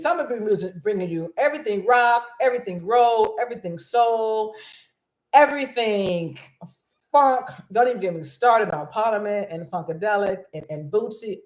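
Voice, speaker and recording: A woman in her fifties from Los Angeles, hosting a live video chat, bubbly and scattered, often restarting her sentences. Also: fairly low pitch. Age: 50s. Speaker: vlog host. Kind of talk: excited rambling livestream chat. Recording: roomy echo.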